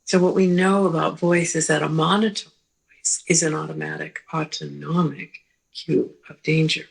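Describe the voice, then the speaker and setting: Gravelly, husky-voiced woman clinician teaching. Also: low-pitched, flat delivery, rough recording. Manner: slow, gentle, with pauses and repeated "right?". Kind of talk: teaching talk.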